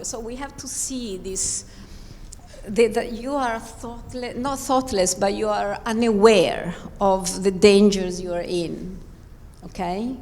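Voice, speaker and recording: A woman's voice: medium pitch, takes it slowly, darkish tone, big-room sound. A woman coaching dancers in a live rehearsal, emphatic and encouraging as she talks them through each step in a large performance studio. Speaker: ballet coach.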